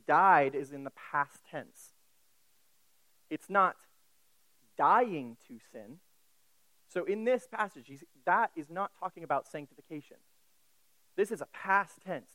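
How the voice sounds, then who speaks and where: A man preaching an expository sermon, emphatic and deliberate, with casual asides and quick self-corrections. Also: a little high, fairly bright tone, no room sound, low-quality recording. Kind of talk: sermon, expository Bible teaching.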